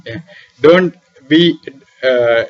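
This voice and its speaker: A man's voice: mid-range voice, very slow, faint music behind. Man lecturing, dull lo-fi recording. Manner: poses questions and answers them himself, repeats key terms. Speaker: lecturer on Vedic philosophy. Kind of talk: classroom lecture explaining scripture. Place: small room beside a temple library.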